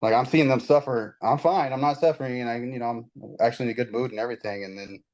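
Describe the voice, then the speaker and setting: A man speaking at a fast clip in a casual spiritual conversation. He tells his story in a rambling, animated way, restarting sentences often. His voice sits at a middling pitch for a man. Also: rough recording. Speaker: guest.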